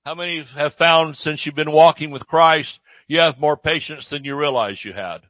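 A man delivers a sermon in a slightly higher voice, talking to his listeners as if in conversation and regularly asking them "Amen?". The recording is close and dry, with a somewhat dull, muffled sound. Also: moderate pace, no echo. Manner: conversational preaching with call-and-response "Amen?". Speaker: pastor.

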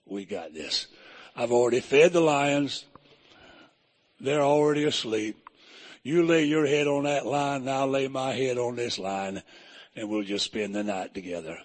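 A husky-voiced preacher voicing the Lord as a calm, reassuring figure who speaks low and easy. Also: male voice, unhurried, lightly acted. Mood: calm reassurance. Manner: relaxed, easygoing, soft and close.

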